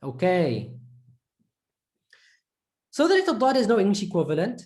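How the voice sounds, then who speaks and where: A woman with a fairly low, darkish voice teaches a live online pronunciation class, encouraging her students and repeating syllables again and again to demonstrate. Her pitch swings widely, her pace is moderate, and she leaves long pauses.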